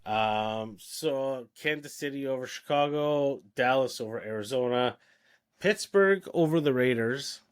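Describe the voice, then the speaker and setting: A man's voice: mid-range voice, measured pace, smooth. A man co-hosting a sports podcast, rattling off his picks in casual chat with frequent "uh"s and hesitations. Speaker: podcast co-host.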